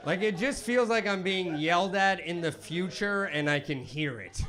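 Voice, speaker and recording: A man doing a stand-up comedy set on stage into a handheld microphone, with a hesitant, self-deprecating, halting delivery. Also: high voice, expressive, bright, forceful tone, some chatter behind, slight background noise.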